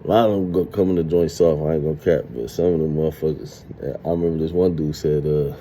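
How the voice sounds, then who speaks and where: A man in his thirties telling a streetwise, profane story in a casual, animated monologue. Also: rumbling low, quick pace, slight background noise. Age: 30s. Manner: streetwise, profane, animated retelling with acted quotes.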